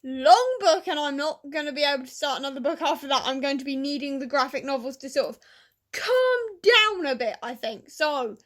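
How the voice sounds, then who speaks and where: Woman, book vlogger, high bright voice, chatty and effusive. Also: animated, normal speed. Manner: chatty and emotional, with laughing and self-interruptions. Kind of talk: casual vlog chat.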